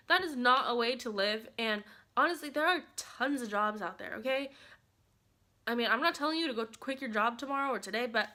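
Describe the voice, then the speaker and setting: A woman's voice: on the high side, sharp tone. A young woman vlogging about self-love in a chatty, encouraging way that turns emotional. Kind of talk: casual self-help vlog.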